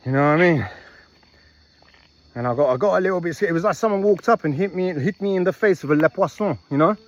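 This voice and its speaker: A man's voice: on the high side, fast talker, no room sound, highs cut off. A man chatting casually as a travel vlogger while riding a moped outdoors, rambling and joking about himself, sometimes drifting into a put-on accent. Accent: put-on Australian-style accent at times. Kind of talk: casual vlog chat. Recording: noisy outdoor camera audio. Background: engine and jungle noise.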